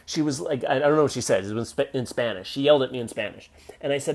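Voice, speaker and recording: A man hosting a motivational solo podcast, talking emphatically and checking in with the listener, with his pace speeding up and slowing down and his volume swinging between loud and soft. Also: mid-range voice. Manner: emphatic, repeats "right?" to the listener. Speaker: podcast host.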